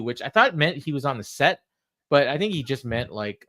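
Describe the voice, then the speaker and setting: A man's voice: a little high, very animated, fairly quick, fairly bright tone. A man co-hosting a podcast, casually recapping a wrestling show, quoting the wrestlers and laughing often. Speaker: podcast co-host.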